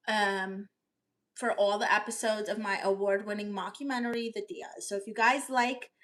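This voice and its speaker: A woman's voice: a little high, a bit bright. A woman in her thirties from Florida, chatting casually on a phone livestream as she reads out viewer comments. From Florida, USA. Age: 30s. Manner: playful, quick, giggly replies. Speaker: comedian and streamer.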